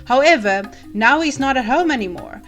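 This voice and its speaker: A woman delivers scripted commentary at a measured, deliberate pace, laying out her argument point by point. Her voice is fairly high, with faint music underneath. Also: lively intonation, fairly bright tone. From South Africa. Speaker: YouTube commentator.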